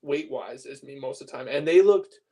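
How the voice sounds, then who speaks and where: A man co-hosting a podcast, explaining his points in an even, measured way during casual chat. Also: mid-range voice. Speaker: podcast co-host.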